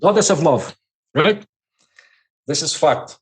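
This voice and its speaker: A man's voice: on the high side, expressive, takes it slowly, breathy edge. A man from Portugal with a Portuguese accent, a non-native English speaker, explaining at length as a podcast guest and often repeating words as he thinks. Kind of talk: podcast conversation.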